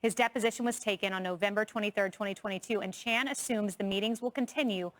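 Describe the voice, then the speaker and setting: A woman hosting an opinion panel, reading quotes and putting brisk questions to guests. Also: mid-range voice, a bit bright. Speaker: panel show host.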